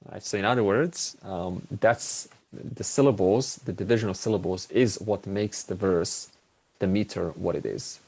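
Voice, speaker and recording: A man's voice: deep voice, normal speed, gravelly, darkish tone, slightly rough. A man teaching a Sanskrit class online, explaining step by step and repeating key words with many fillers.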